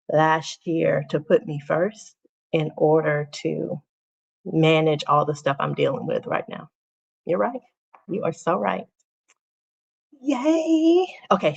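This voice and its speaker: A woman's voice: low-pitched, vocal fry, lo-fi sound. A woman, a teacher, chatting casually to viewers on her livestream and repeating phrases for emphasis.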